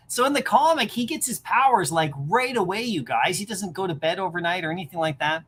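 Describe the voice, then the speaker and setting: A woman streamer reading a comic aloud on a livestream, animated, with chatty asides. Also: lowish voice, fairly quick, few pauses, a little hiss or hum.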